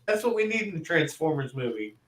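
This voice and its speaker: Excitable man, echoey room, far from mic. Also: on the high side, brisk, a little hiss or hum. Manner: excitable, laughs a lot, rambling. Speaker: podcast co-host. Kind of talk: casual movie chat.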